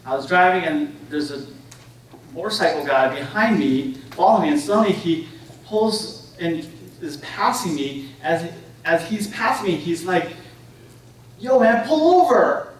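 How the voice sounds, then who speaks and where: A man's voice: fairly high pitch, moderate pace. A man giving a conference talk to an audience, telling stories and often checking in with "right?" and "okay?". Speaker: conference speaker. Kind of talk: interactive lecture to an audience. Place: conference room. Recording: echoey room, distant mic, faint noise.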